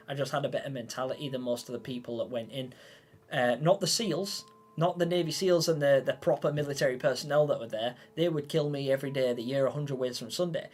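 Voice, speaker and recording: A man from England hosting a casual live stream, chatting and rambling as he reads out viewer comments, with bursts of loud excited greetings. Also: mid-range voice. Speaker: livestream host.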